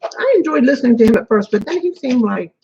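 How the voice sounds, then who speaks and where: A vlogger talking casually to camera from an apartment, drifting from point to point and repeating phrases. The voice is husky and a little breathy. The audio sounds dull and lo-fi, as if it came from a built-in camera mic. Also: mid-range voice, animated, quick pace, a little mellow. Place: home apartment, indoors. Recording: dull lo-fi home recording.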